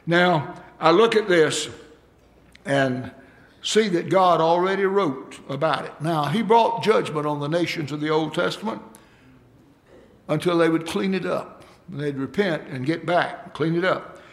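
A man's voice: a little high, measured pace. A man preaching a sermon, folksy and emphatic, calling out for amens from the congregation.

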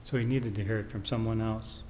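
A man's voice: fairly low pitch, steady tone, brisk, darkish tone. A man preaching a sermon, telling a family story and quoting scripture in an earnest way. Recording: reverberant hall, faint background noise.

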